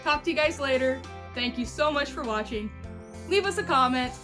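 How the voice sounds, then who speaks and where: A woman's voice: sits high, normal speed, over music. A woman in her thirties from Missouri, chatting to camera at home in a rambling, easygoing way and laughing easily. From Missouri, US Midwest. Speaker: vlogger and family caregiver. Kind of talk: casual chat to camera. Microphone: camera mic at home.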